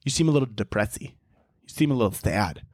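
A man's voice: medium pitch, expressive, fast, no echo, studio quality, voice pushed down, close to an everyday voice. A man voicing a smartwatch that keeps asking its owner if he is sad. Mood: prying. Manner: coaxing, repetitive questions. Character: fretting smartwatch voice checking on mood.

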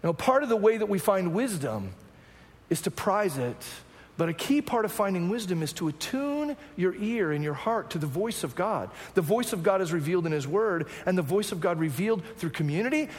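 A man from Arizona preaching a sermon, animated and humorous, asking many rhetorical questions. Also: high voice. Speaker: pastor. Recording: reverberant hall.

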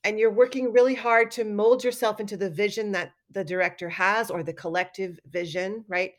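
A middle-aged woman telling stories in a casual interview, animated and acting out quoted lines with laughter. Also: medium pitch, moderate pace. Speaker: guest artist and educator.

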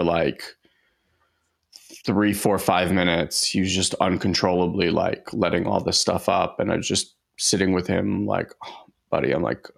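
A man co-hosting a casual podcast, telling a heartfelt personal story in a halting way, with lots of fillers and restarts. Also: deep voice, vocal fry.

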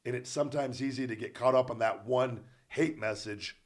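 A man in his thirties hosting a podcast, speaking earnestly and encouragingly in casual chat. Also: mid-range voice. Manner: earnest, encouraging, quick to agree. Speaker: podcast host.

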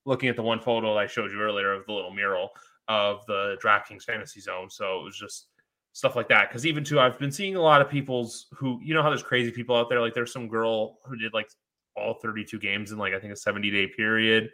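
A man hosting a casual sports podcast, talking excitedly and rambling with many fillers. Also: lowish voice, a little fast. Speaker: podcast host. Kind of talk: casual chat.

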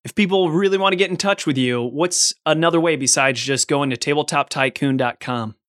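A man's voice: a little high, a little fast, a bit bright, dry recording, studio quality. A man hosting a casual podcast interview, conversational, telling a personal story. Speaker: podcast host.

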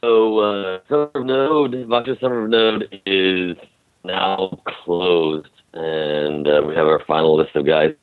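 A man talking casually in a halting, stumbling way, heard over a dull lo-fi remote line. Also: low-pitched, clear, resonant tone. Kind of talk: casual chat.

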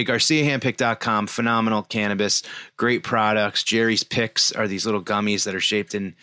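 A man's voice: mid-range voice, a bit bright, clear, resonant tone, no echo. A man in his forties co-hosting a podcast, telling rambling stories in casual chat with lots of fillers. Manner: rambling storyteller, frequent fillers. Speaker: podcast co-host.

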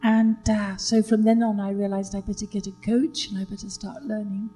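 An older British actress, a guest telling stories in a relaxed chat, hesitant with many fillers and restarts. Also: female voice, medium pitch, brisk, faint music behind, low-quality recording. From Britain.

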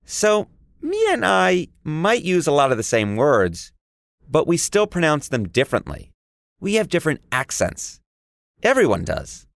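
A young man with a New York accent narrates a podcast with a playful, jokey edge. His pitch swings up and down as he talks. The sound is dry and close. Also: wildly swooping pitch, measured pace, vocal fry, no echo. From New York area. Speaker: podcast host. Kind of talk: scripted podcast narration and chat.

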